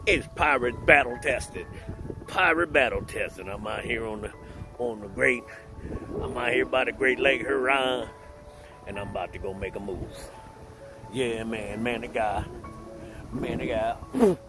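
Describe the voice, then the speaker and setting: A man's voice: mid-range voice, fairly even intonation, a little slow, long pauses, music in the background. A man making a casual, playful vlog outdoors by a lake, laughing at himself as he talks to viewers. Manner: playful, laughs at himself, Southern-style "y'all". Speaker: vlogger.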